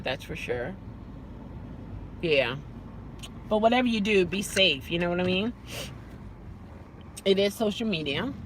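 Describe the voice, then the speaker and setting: A woman chatting casually with live viewers from her car, animated and quick to exclaim and laugh. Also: deep voice, slight background noise. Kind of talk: casual live-stream chat.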